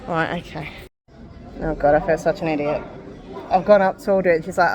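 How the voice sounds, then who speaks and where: A woman's voice: fairly low pitch, very animated, normal speed, gravelly, pauses often, some chatter behind. Chatty woman vlogging on the go. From England. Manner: chatty, self-deprecating, laughs often. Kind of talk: casual chatty vlog narration. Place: out and about, then inside a busy café.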